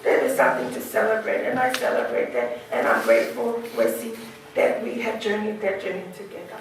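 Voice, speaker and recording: A woman's voice: mid-range voice, very animated, a little fast, slight background noise. A woman gives a heartfelt funeral eulogy, laughing through memories. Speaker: widow giving a eulogy. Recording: echoey hall, distant mic.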